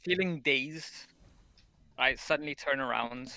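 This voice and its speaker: A man's voice: mid-range voice, measured pace, pushed and bright. A man talking casually as a player at a tabletop game, rambling and restarting his sentences.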